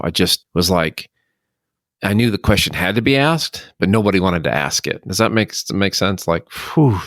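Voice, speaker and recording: A middle-aged man speaks low and deep as he recounts a personal loss on his podcast. He talks haltingly, restarting often, his voice full of feeling. The sound is close and dry, with no room echo. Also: expressive, a bit bright. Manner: halting, emotional, many restarts. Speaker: podcast host. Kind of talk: personal storytelling.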